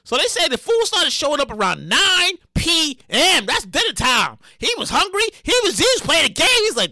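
A man talking in a loose comedic monologue, his voice high and bright with a pitch that leaps all over the place. He swears freely, stumbles and restarts his sentences, and bursts into loud sing-song exclamations. The recording is close and dry. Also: huge pitch swings, normal speed, dry recording. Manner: stammers and restarts often. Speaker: show host.

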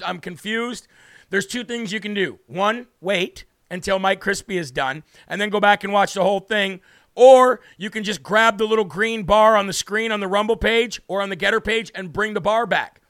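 Man, American, livestream host, casual rambling talk, high voice, smooth clean tone, dry close mic. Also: fairly bright tone, no echo. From United States. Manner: rambling, chatty, laughs easily, greets viewers by name. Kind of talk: casual live-stream talk.

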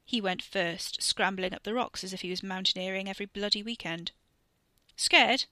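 Bright-voiced woman narrating a story. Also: medium pitch, steady tone, no room sound. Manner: measured, literary storytelling. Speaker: audiobook narrator. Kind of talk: scripted narration.

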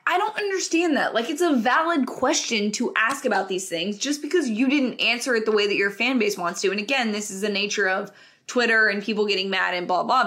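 A woman co-hosting a casual sports talk show, animated and quick, with lots of "like" in her speech. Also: medium pitch. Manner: animated, quick asides, frequent "like". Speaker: podcast co-host.

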